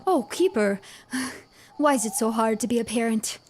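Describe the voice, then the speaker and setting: Girl doing a tired old sailor dad begging for his missing son, slightly high voice. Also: normal speed, darkish tone, slight background noise, lightly acted. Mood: weary. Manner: pleading, weary. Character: grieving old father, former sea-hardened sailor.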